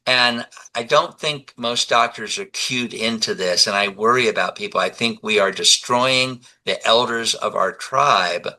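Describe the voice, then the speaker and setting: Forceful older man telling stories. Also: fairly low pitch, a little slow, hardly any pauses, rough recording. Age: 70s. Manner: animated storyteller who acts out dialogue. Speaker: guest. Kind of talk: conversational interview.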